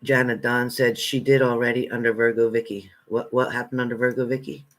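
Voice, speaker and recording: A man hosts a live stream as a spiritual reader and talks straight back to the people in his chat. He is blunt and confrontational, flaring into loud outbursts and then dropping to low, muttered asides. His voice sits at an everyday middle pitch. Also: flat delivery, fairly quick. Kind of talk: casual live-stream chat, reading out viewer comments.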